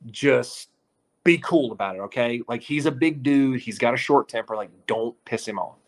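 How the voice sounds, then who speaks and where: A man at the middle of the usual pitch range for men, spinning a story in a loose, chatty way. He is a sports reporter who jumps into other people's voices to act out their lines, and his delivery keeps climbing into lively bursts. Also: moderate pace. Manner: animated storyteller, acts out quotes. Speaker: local TV sports reporter, guest. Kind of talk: casual podcast storytelling.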